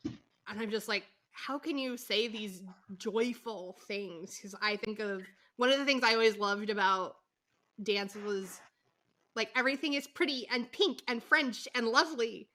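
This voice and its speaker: Woman podcast co-host, bright forceful voice, fairly high, animated storytelling, casual chat. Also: moderate pace. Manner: animated storytelling with acted quotes.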